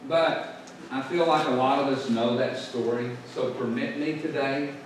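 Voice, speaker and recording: A man's voice: medium pitch, a little hiss or hum. A man, a pastor, preaching a sermon and drawing the congregation into call-and-response. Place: church sanctuary. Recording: echoey church room, voice from a distance.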